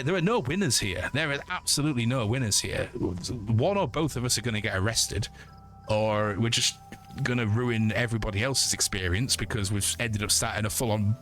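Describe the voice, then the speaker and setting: A man in his forties, a streamer ranting casually and swearing, with lively storytelling. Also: fairly low pitch. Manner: sweary, animated storytelling with mock voices. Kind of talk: casual rant while gaming.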